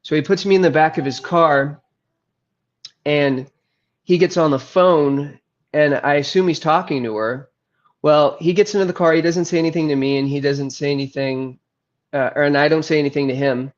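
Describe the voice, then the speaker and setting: A man candidly recounting a hard personal story, earnest and halting, with frequent trailing pauses. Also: fairly high pitch, fairly even intonation. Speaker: guest recounting his addiction and recovery. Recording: slightly muffled lo-fi audio.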